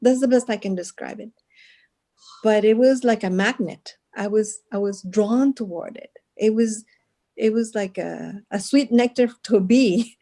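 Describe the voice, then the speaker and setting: Woman from Guatemala, interview guest, earnest storytelling, laughs often, mellow warm tone, middle pitch. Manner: earnest, with frequent laughs and restarts.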